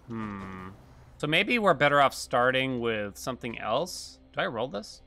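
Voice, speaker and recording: A man's voice: mid-range voice, big pitch swings, a little slow, pushed and bright. A man streaming a game, chatting casually and reacting aloud as he plays. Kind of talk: casual gameplay commentary.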